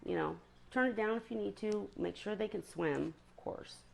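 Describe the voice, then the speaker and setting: A woman's voice: medium pitch, normal speed, gravelly. A woman chatting casually to viewers on a live stream about her seahorses, often stopping to apologize.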